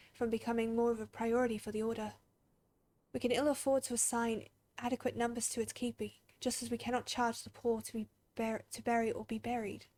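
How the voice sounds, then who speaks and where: A woman voicing a solemn graveyard keeper in a video game, reading in a formal, measured way. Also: on the high side, darkish tone, natural voice.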